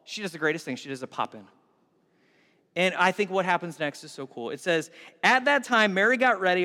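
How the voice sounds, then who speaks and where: A man preaching a sermon as pastor, telling the story with lively, animated acting-out of scenes. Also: high-pitched, in a large hall.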